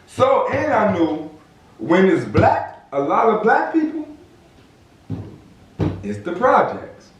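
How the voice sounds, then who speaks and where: A man's voice: high-pitched, slow pace, pauses often, far from the mic. Young man telling a street story, echoey. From Southern California. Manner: animated, slangy, acts out quotes. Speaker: podcast host. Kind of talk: casual storytelling. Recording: echoey room, off-mic.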